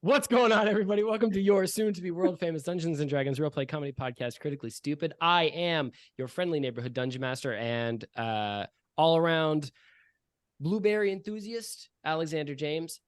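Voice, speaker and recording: A man's voice: fairly high pitch, brisk, dry recording. A man hosting a comedy tabletop role-play podcast as dungeon master, joking at his own expense with plenty of fillers. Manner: jokey, self-mocking, with frequent uh fillers. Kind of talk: casual tabletop podcast chat. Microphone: remote call mic.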